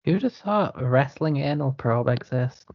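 A man's voice: mid-range voice, lively intonation, normal speed. A man co-hosting a casual podcast, dry and sardonic. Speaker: podcast co-host. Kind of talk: casual chat. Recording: dull lo-fi podcast audio.

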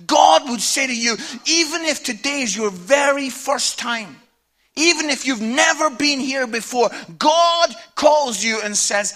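High bright Scottish preacher. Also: male voice, expressive, a little slow. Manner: conversational storytelling, tag questions like "yeah?"; swings from hushed to loud. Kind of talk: sermon. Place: church hall with audience.

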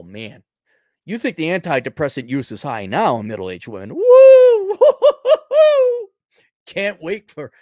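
A man's voice: mid-range voice, no room sound. Sardonic man mocking news on his podcast, dry sound. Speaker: podcast host. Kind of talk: sarcastic commentary on read-out articles.

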